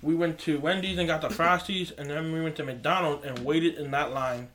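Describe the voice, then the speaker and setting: A laid-back man telling a story on a casual podcast, pitched a little above the usual for a man. He rambles along with lots of fillers. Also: steady tone, moderate pace, fairly bright tone. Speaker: podcast co-host.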